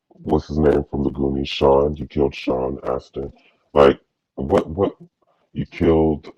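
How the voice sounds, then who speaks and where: An extremely deep, husky male voice with a dark, mellow tone. He talks sassily and rambles in a casual chat as co-host of a TV review show, with lots of fillers. The mic sounds dull and dry, like a lo-fi setup. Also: no room sound. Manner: sassy, rambling, full of fillers.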